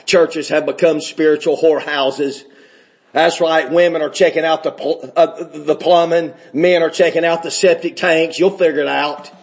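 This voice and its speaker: A man preaching a fiery sermon, shouting one moment and dropping low the next. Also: steady tone, normal speed, roomy sound. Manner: shouting, swinging between loud outbursts and low, quiet stretches.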